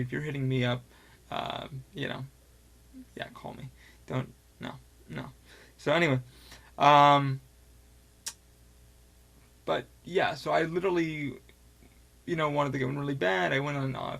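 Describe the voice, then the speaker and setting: A man's voice: medium pitch, creaky. A man hosting his own show, talking in a loose, rambling monologue and swearing freely. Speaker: podcast host.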